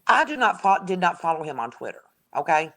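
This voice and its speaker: A woman, a guest in a casual sports chat, telling lively stories and laughing often. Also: on the low side, brisk. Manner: chatty storyteller who laughs often.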